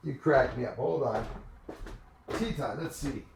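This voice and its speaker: A man's voice: medium pitch, vocal fry, noisy background. A man hosting a live stream, chatting casually and rambling as he answers viewers' comments with frequent laughs.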